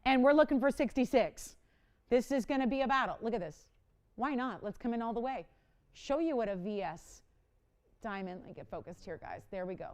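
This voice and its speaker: Chatty, higher-voiced woman hosting a live auction. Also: brisk. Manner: animated, chatty, talks to callers and crew; dramatic, playful self-mocking. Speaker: live shopping host. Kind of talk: live jewelry auction selling. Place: TV studio.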